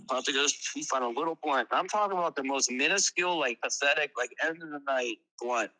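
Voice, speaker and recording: A man who is a guest musician, telling tour stories in a casual interview, animated and swearing freely. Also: fairly high pitch, quick pace, rough recording.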